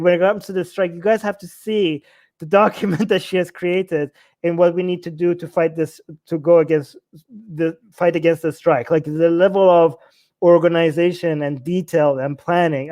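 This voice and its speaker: A man's voice: on the high side, a little mellow. A man hosting a livestream, talking passionately and filling his speech with "like", his voice rising as he gets indignant. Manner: passionate, heavy use of "like", voice climbing when indignant. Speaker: show host. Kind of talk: livestream chat.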